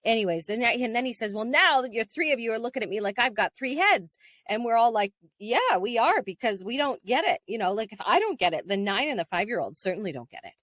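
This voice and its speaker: Animated woman telling a story. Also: a little high, fast talker, dry recording. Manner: animated storytelling, laughing often. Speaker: podcast co-host. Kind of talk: casual chat.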